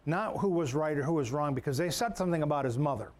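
A man's voice: fairly high pitch, animated, fast talker. A man preaching a sermon as a pastor, in a conversational way, often repeating words and restarting sentences.

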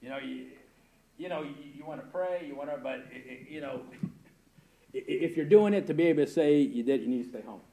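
Older man telling an animated story. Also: on the high side, brisk. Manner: lively, emphatic, repeats words and asks "right?". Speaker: pastor and missionary guest. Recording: roomy with audible background noise.

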